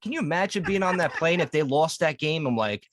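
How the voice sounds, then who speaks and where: A man's voice: a little high, animated, a little fast, fairly bright tone, no echo. A man co-hosting a sports podcast, rambling and swearing in casual chat. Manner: rambling, profane, with filler restarts. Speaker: podcast co-host.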